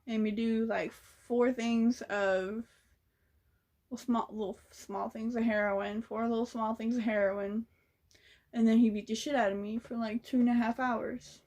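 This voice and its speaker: A woman's voice: a little high, steady tone, measured pace, a little mellow. A young woman telling a story in a casual vlog, blunt and sassy, swearing freely. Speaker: vlogger.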